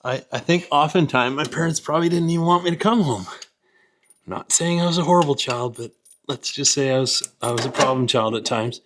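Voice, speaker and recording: A man's voice: mid-range voice, fairly quick. A middle-aged man talks in a mid-range voice from a garage, wandering off into jokes about himself. He mutters half to himself as he works, recorded by a camera set up nearby. A faint hiss of noise runs under him. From Canada. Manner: rambling, joking, self-mocking, muttering while he works. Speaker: home mechanic host. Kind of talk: casual workshop vlog. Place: garage, lying under an old vehicle.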